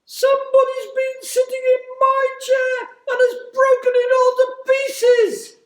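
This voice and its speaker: A man voicing a tiny baby bear with a high piping voice. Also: monotone, measured pace. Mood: wailing. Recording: echoey room.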